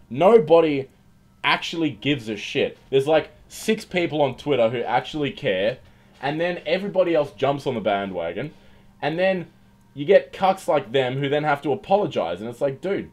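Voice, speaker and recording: A man's voice: medium pitch, darkish tone. A young man hosting a casual livestream and reading out chat, jokey and irreverent, swearing freely and often repeating words as he talks. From Australia.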